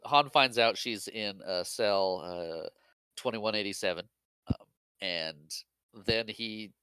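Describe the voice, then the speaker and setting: A man's voice: on the low side, slow pace, bright, forceful tone, smooth, no room sound. A man co-hosting a casual movie podcast, laughing often and playfully voicing characters as he retells scenes. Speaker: podcast co-host. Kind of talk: casual movie recap chat.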